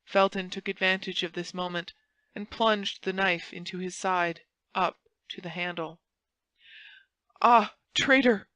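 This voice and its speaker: A woman narrating a classic novel audiobook with a dramatic, expressive reading. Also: fairly low pitch, normal speed, no room sound, low-quality recording. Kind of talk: scripted narration.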